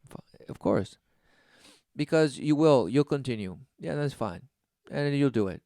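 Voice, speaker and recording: Sarcastic man with a crisp voice. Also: fairly high pitch, slow pace, darkish tone, no room sound, studio quality. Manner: sarcastic, mocking; reads study text aloud, then scoffs. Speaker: preacher. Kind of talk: preaching commentary.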